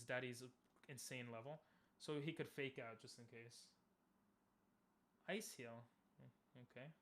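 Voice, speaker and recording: A young man casually commenting on a game he is playing, chatting with viewers and bursting into loud cheers. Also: medium pitch. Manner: talks to chat, asks viewers questions. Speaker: streamer.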